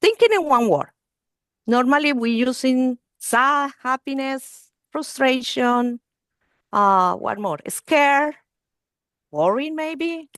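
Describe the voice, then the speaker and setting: A woman's voice: sits high, takes it slowly, fairly bright tone, no room sound, studio quality. A woman presenting a training webinar for early-learning teachers over a video call, speaking non-native English and often checking in with "okay?" and "you see".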